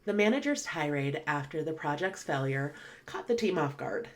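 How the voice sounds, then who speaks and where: A woman teaching an online English vocabulary lesson, explaining words patiently and reading example sentences slowly and clearly. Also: low-pitched, lively intonation.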